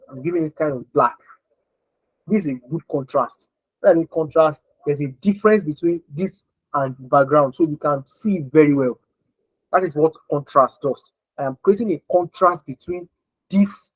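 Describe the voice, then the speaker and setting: A man's voice: on the high side, normal speed, husky, dry recording, poor audio. A man teaching design in an online screen-share lesson, repeating points and often checking that listeners follow. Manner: repetitive, emphatic, keeps checking if listeners follow. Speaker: design instructor.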